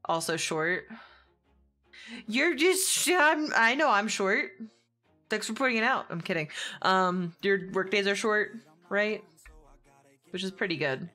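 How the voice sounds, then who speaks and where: A bright, crisp-toned young woman talking off the cuff to her stream audience. She rambles, swears freely and laughs often between answers to chat, with faint music playing behind her. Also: mid-range voice, animated, slow pace, pauses often. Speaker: gaming streamer. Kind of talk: casual stream chat with viewers.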